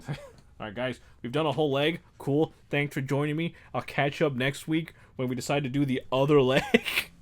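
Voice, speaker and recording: A man's voice: a little high, normal speed. A man hosting a casual livestream while building a model kit. He rambles, mocks himself and laughs often.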